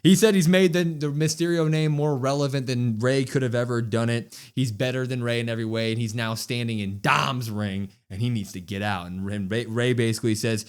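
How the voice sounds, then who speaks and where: Podcast co-host, male, mid-pitched, lively recap style. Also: fairly quick, few pauses, clear, resonant tone. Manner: animated recapping, acts out quotes. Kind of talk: casual wrestling review chat.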